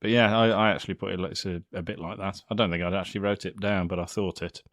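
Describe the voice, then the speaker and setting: A man's voice: low-pitched, steady tone, quick pace, a bit bright, dry recording, clean studio sound. A man co-hosting a podcast, bantering with frequent laughs, swearing and jokey asides. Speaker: podcast co-host. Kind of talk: casual film recap chat.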